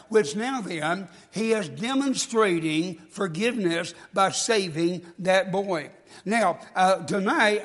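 A man's voice: sits high, fairly bright tone. A man preaching a sermon in a church, folksy, stumbling and restarting, congested from a cold. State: congested, coughing. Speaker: guest preacher. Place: church sanctuary. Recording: long church reverb.

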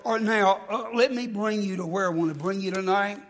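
The recording is very noisy, with long church reverb, as a guest preacher speaks in a high, slightly fast male voice. Congested and coughing from a cold, he delivers a folksy sermon in the sanctuary, stumbling and starting over.

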